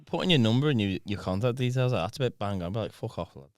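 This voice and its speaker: A man's voice: mid-range voice, animated, fast talker, no room sound, clean studio sound. A man, co-hosting a podcast and making blunt, cynical jokes. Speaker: podcast co-host. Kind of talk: casual banter.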